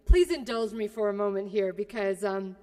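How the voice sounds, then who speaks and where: A woman giving a fiery keynote speech at a union rally, profane and combative, swinging between quiet asides and shouting. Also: medium pitch, moderate pace. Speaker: keynote speaker. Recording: long hall reverb.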